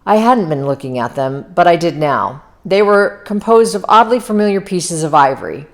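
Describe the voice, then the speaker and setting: Low-voiced woman reading a novel aloud. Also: animated, moderate pace. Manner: stumbles over words, breaks off with casual asides. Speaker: reader. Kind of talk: amateur read-aloud of a novel.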